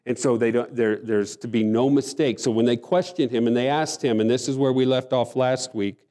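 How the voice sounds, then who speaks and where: Earnest preacher man with a mellow voice. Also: medium pitch, steady tone, moderate pace. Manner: earnest, emphatic with frequent restarts. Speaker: pastor. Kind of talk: sermon.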